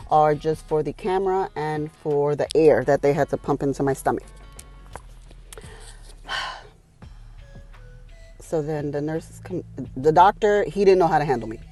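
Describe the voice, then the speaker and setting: Lady vlogger venting a story, lowish mellow voice, swears, gets emotional. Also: soft background music, poor audio. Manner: candid, heated retelling with swearing; emotional, pausing to collect herself. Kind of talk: casual storytelling vlog.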